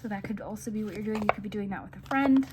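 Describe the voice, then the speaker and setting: Racing through a casual tarot reading to camera, a woman speaks in a mid-range voice against background noise. She keeps up a chatty, reassuring patter loaded with fillers.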